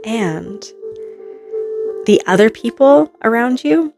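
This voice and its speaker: A woman giving a casual, rambling tarot reading to her viewers, acting out imagined reactions in quick quotes. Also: fairly high pitch, music in the background. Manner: rambling, animated, full of hypothetical quotes. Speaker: tarot reader.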